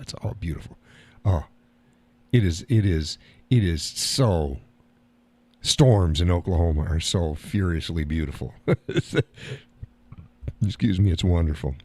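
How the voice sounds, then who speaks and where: Guy rambling on a live stream, low mellow voice, cusses and chuckles a lot. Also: breathy edge, dry recording. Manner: folksy, swears casually, laughs often. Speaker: live stream host reading chat. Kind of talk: casual chat.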